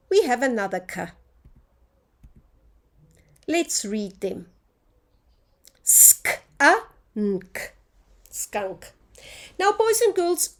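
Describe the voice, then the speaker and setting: Woman as a children's phonics teacher, lively sing-song delivery, unhurried, slightly high voice. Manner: slow, sing-song teacher voice, drawing out sounds. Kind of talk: phonics lesson for young children.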